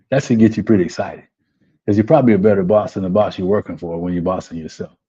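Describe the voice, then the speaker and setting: Motivational coach guy, low husky voice, keeps saying right? and man, kinda muffled lo-fi audio. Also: quick pace, warm tone. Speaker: life coach hosting a live webinar. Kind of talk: motivational talk to viewers. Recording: dull lo-fi audio.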